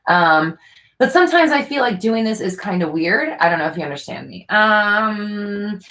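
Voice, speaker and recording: A woman's voice: medium pitch, expressive, normal speed, a bit bright. A woman coaching viewers in casual talk, earnest and repetitive, thinking aloud with fillers. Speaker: manifestation coach answering viewer questions.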